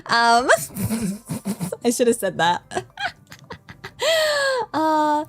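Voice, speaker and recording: Giggly animated woman streamer. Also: a little high, very slow, soft background music. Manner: animated, giggly, self-mocking. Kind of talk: casual chat with viewers.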